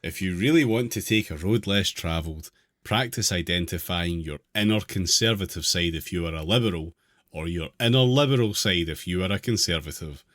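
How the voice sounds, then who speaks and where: A man co-hosting a podcast, reading an article aloud in a dry, deadpan way between casual asides. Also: low voice, fairly quick, no room sound.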